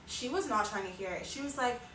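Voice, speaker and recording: A woman with a slightly high, lively voice talks fast in a fairly bright tone, with faint music in the background. She's an artist and streamer casually telling a story on a livestream, full of fillers and sighs. The audio sounds roomy, with a distant mic and faint noise.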